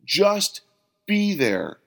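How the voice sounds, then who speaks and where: A man reading the lines of Bill, a frustrated male pastor who complains loudly about his flock. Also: sing-song, takes it slowly, exaggerated voice. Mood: exasperated. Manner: loud, complaining, raised pitch.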